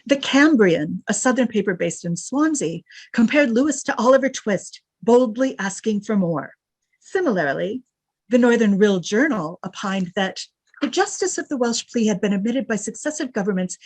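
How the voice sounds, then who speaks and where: Woman giving a lively, wry lecture. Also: medium pitch, breathy edge, no room sound. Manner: reads quotes with lively emphasis and wry asides. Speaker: guest lecturer. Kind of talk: academic lecture.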